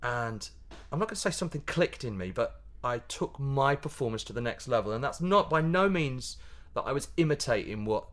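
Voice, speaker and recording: A man, a pantomime comedian chatting as a guest in a casual interview, animated and laughing, often restarting his sentences. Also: mid-range voice, fairly quick, hardly any pauses. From Yorkshire, England.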